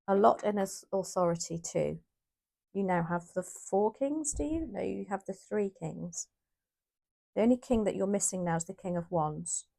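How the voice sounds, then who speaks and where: A woman's voice: mid-range voice, moderate pace, gravelly, dark tone. A woman giving a casual, chatty tarot reading to her viewers, often correcting herself as she thinks aloud. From United Kingdom. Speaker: tarot reader.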